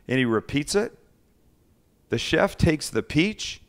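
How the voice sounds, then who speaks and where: Animated man telling a story. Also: mid-range voice, unhurried, long pauses. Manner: animated storyteller, acts out quotes, swears. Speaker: host. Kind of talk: casual storytelling chat.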